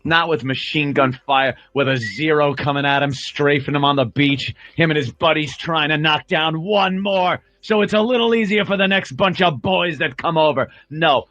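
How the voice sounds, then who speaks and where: A man's voice: on the high side, normal speed, few pauses, pushed and bright, no echo. A man hosting a radio show, telling crude, rambling stories in studio banter. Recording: dull lo-fi broadcast audio.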